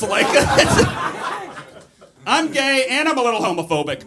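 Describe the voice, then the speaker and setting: Campy high-voiced gay comedian onstage. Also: male voice, a little slow, very noisy. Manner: campy, animated punchlines with sudden high squeals. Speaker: stand-up comedian. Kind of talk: stand-up comedy set. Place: comedy club stage before a live audience. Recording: live club recording, loud laughter. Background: loud audience laughter.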